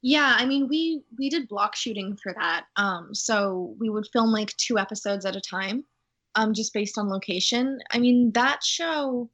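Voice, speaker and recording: A woman's voice: a little high, a little slow, a bit bright, lo-fi sound. A young woman, an actor, chatting breezily in an interview with plenty of "like" and "um". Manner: breezy, lots of "like" and "um". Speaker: actor guest. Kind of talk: casual interview chat.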